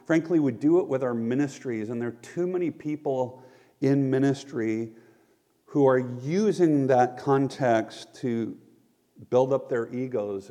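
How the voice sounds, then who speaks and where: A man preaching a sermon as pastor, earnest and measured, with quoted asides. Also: mid-range voice, dark tone. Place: church sanctuary. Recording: long reverb of a large hall.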